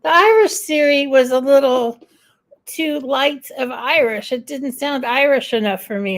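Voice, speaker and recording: A woman's voice: high-pitched, a little slow. A woman hosting a casual live-stream chat, rambling and answering viewer comments. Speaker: livestream host.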